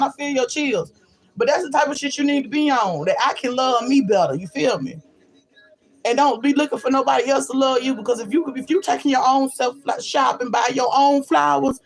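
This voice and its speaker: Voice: mid-range voice, poor audio. A spiritual reader giving a blunt, profane and emphatic pep talk to viewers, often checking in with "you feel me?".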